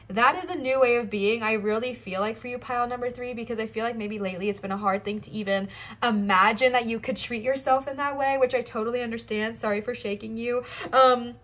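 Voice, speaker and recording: Young woman, tarot reader, casual and encouraging, fairly high voice, animated. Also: brisk. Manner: encouraging, repeats "all right?" and "okay?"; animated, laughs and talks while moving cards. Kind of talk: casual pick-a-card tarot reading.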